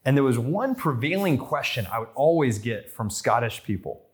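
American pastor preaching a sermon. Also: male voice, a little fast, hardly any pauses. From United States. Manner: storytelling, rises in pitch for quoted voices and excitement.

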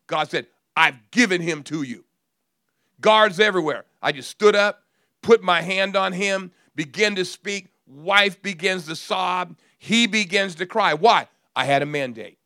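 A middle-aged male pastor preaching a sermon, swinging from hushed, drawn-out phrases to loud, emphatic declarations. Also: high-pitched, no echo, clean studio sound.

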